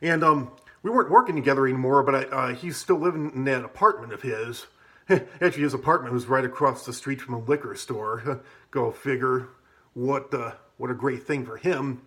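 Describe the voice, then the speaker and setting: A vlogger with a medium-pitched, sharp-toned voice tells a casual personal story at a moderate pace. He rambles and swears, filling it with "like" and "you know".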